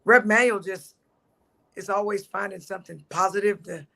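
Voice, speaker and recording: A man, a pastor and panel guest, giving a warm, humorous tribute and saying he is tired. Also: sits high, fairly even intonation, normal speed, vocal fry. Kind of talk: casual tribute.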